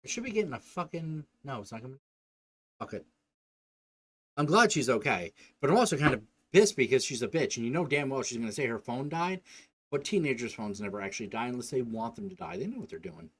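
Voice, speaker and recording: A man's voice: medium pitch, sing-song, brisk, breathy edge. A man playing through a dating game, reading its text aloud and swearing through sarcastic asides. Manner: crude, profane, sarcastic asides. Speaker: gamer. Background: soft game music.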